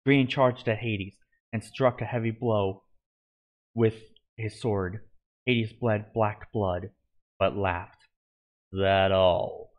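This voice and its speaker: A man reading his own fan story aloud, in a steady delivery with small slips and restarts. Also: lowish voice, slow pace, highs cut off. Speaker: narrator.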